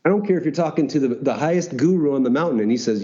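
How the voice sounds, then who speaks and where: Dark-voiced man telling a story. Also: on the high side, racing, highs cut off. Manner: animated, swearing, acting out dialogue. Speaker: guest, retreat founder. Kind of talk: storytelling in a podcast interview.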